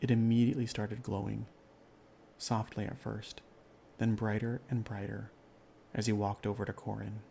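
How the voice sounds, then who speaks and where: A man narrating a children's fairy-tale story in a calm, measured way. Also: lowish voice, creaky, a little hiss or hum.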